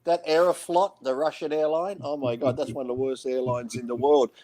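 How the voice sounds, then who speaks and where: A man's voice: medium pitch, steady tone, a little fast, warm tone, dry recording. A man with a middle-range voice co-hosts a casual podcast. He tells stories from the road with easy humor, often laughing along. Nothing is unusual about his tone. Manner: anecdotal, laughing as he tells tales. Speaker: co-host.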